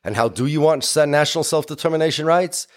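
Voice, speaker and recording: A man's voice: a little high, fast talker. Emphatic man lecturing. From United States. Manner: emphatic and explanatory, with many Yiddish and Hebrew words. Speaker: speaker.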